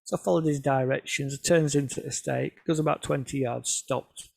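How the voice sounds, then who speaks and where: A photographer gives a casual club talk over a video call, sharing chatty, self-mocking stories about his work. His mid-range voice is gravelly, with fairly even intonation and a moderate pace. There's no room sound.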